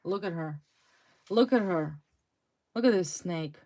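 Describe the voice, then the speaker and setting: Woman tarot reader, slow, fairly low voice, intense, repeats words. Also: expressive, warm tone. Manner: intense, repetitive, dramatic emphasis. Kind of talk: tarot reading to viewers.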